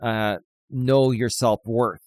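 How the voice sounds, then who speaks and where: A man's voice: mid-range voice, steady tone, slow, dry recording. A man co-hosts a podcast with a mid-range voice, speaking plainly and chiming in with emphatic agreement. He swears offhandedly. The sound is dry and close. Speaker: podcast co-host. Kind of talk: casual chat.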